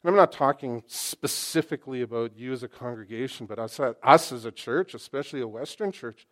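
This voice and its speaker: A man preaching a sermon to his congregation, impassioned and full of rhetorical questions, swinging from loud to hushed. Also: mid-range voice, a little fast, few pauses. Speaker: pastor. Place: church sanctuary.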